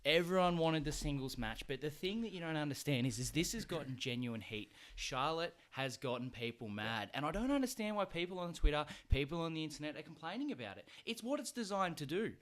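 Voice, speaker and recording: A man with an Australian accent co-hosting a wrestling podcast, chatting in an upbeat, animated way. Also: fairly high pitch, brisk, hardly any pauses. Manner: upbeat, animated, says mate often. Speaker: podcast co-host. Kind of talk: casual chat.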